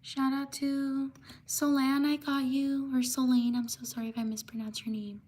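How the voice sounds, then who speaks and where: A woman hosting a live stream, reading out viewer names one by one with quick apologies for mispronouncing them. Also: high voice, little pitch movement, a little mellow. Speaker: livestream host.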